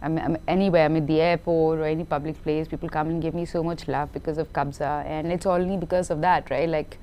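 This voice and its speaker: A woman actress, telling stories in an animated, laughing interview chat and often repeating words. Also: sits low, fairly quick, slight background noise. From India. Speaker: film actress.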